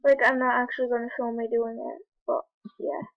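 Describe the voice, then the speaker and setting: A woman's voice: a little high, level tone, brisk, dry recording. A woman chatting casually over a screen recording, rambling and jittery, with frequent gasping exclamations, recorded on a computer mic. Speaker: video creator. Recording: tinny phone-like dry recording.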